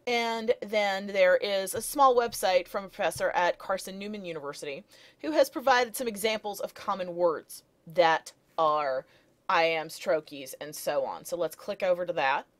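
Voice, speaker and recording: A woman's voice: on the low side, normal speed, a bit bright. A woman teacher narrating lecture slides, explaining steadily and reading poem lines aloud.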